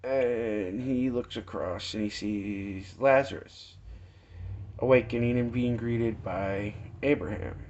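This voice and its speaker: A man preaching informally, retelling a parable in a halting storytelling manner with many restarts. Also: mid-range voice, a little mellow. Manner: slow, halting storytelling with restarts and acted quotes. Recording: dull lo-fi sound.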